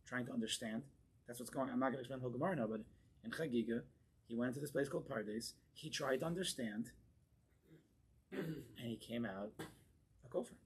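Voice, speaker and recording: Very husky rabbi, fervent lecture. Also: male voice, medium pitch. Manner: fervent and emphatic, swings from hushed asides to forceful exclamations. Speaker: rabbi teaching a class. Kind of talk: impassioned Torah lecture. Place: congregation hall, indoors.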